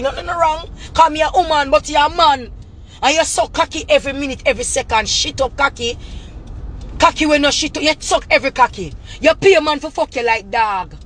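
A woman's voice: sits high, fairly bright tone, a little hiss or hum. A woman with a Jamaican Patois accent delivering an angry, profane, repetitive rant straight to camera. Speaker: vlogger.

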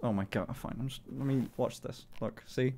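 This British man has a mid-range voice and a moderate pace, chatting casually on a live stream. He's animated, laughs frequently, and swears a lot.

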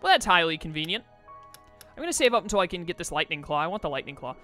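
Faint music plays behind a young man commentating on a video game as he plays. His voice is on the high side, sharp and very animated, and he races along, chatty and often exasperated as he talks back to the game.

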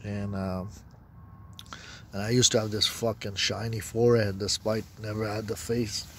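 A man's voice: lowish voice, little pitch movement, moderate pace, a little hiss or hum. A man telling a rambling personal story, profane and meandering, with broken grammar. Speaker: self-described prophet.

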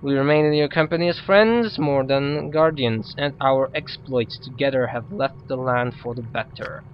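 A man's voice: medium pitch, moderate pace, dull audio, a little hiss or hum, close to an everyday voice. A man who is not a native English speaker, reading a stern female druid's lines aloud in his own plain voice. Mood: steady. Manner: reads written dialogue aloud in a plain voice.

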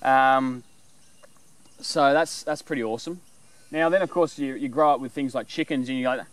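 At a moderate pace and medium pitch, a male presenter gives a loose, rambling explanation of how to mimic animal calls, occasionally breaking into bird imitations. A little hiss or hum sits under the recording.

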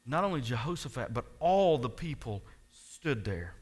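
Preaching straight to his congregation, this male pastor alternates hushed asides with loud, fervent declarations. He has a mid-range, slightly rough voice with big pitch swings and a normal speed.

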